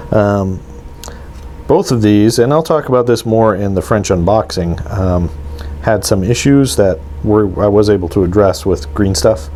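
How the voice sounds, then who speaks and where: A man with a low, dark, mellow voice hosts a casual hobby vlog, showing his models at a table. He rambles along with plenty of ums and false starts. A faint hiss of room noise sits under him. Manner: rambling, with many ums and restarts. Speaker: miniatures hobby channel host. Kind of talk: casual show-and-tell vlog.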